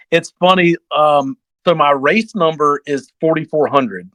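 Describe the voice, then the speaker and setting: A man's voice: fairly high pitch, a little slow, a bit bright, no echo, poor audio. A young man, a guest on a casual podcast, telling a long story in a rambling way, full of fillers, and acting out what other people said. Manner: rambling, heavy fillers, acts out others' lines. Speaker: podcast guest, off-road racer.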